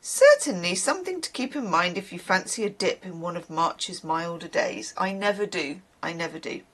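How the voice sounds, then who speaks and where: A woman's voice: lowish voice, lively intonation, moderate pace, a bit bright. A woman, a tarot reader chatting casually to camera, rambling with wry asides.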